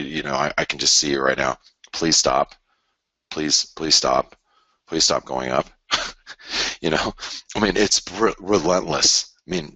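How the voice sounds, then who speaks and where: This market commentator has a very deep, slightly rough voice with a sharp tone, captured with no room sound. Commenting live on currency charts for a trading broadcast, he rambles, repeats points, and mock-quotes traders.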